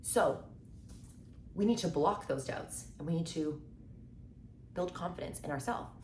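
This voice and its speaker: A woman's voice: low-pitched, darkish tone, a little hiss or hum. Chatty woman in an echoey room. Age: 20s. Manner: chatty and upbeat, acts out quick quoted exchanges, says "like" and "right?" often. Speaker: mindset content creator. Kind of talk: casual motivational talk to camera. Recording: echoey room with faint ambience.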